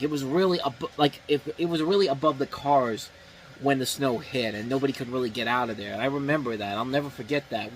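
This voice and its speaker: Man, casual movie reviewer, seated, rambling with restarts, mid-pitched voice. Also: a little hiss or hum, low-quality recording. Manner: rambling, many fillers and restarts. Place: indoors, seated.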